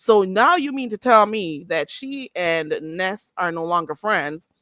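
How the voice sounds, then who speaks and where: A woman's voice: medium pitch, unhurried, fairly bright tone, no echo. A woman hosting a casual livestream, recapping drama with blunt, profane commentary and frequent laughter at her own story. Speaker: livestream host.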